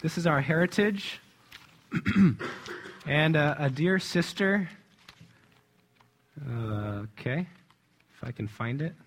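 A man's voice: fairly high pitch, animated, takes it slowly, long pauses, slight background noise. A man preaching in a conversational way, stressing words with emphasis and chuckling often. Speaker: church speaker. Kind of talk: conversational sermon.

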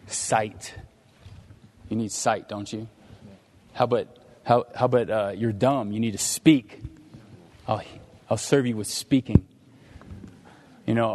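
A man preaches a sermon conversationally, acting out the disciples and Jesus through quoted dialogue. His voice is mid-range and darkish, and the recording has a long hall reverb.

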